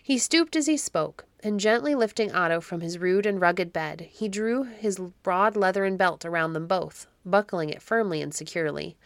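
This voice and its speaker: Woman, storybook narrator, measured reading, lowish voice, dry close recording. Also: no echo. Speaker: narrator and podcast host.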